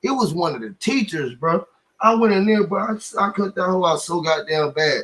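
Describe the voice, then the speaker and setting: High-voiced, animated middle-aged man. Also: normal speed. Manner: animated, profane storytelling with acted-out quotes. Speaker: guest storyteller. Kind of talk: casual chat.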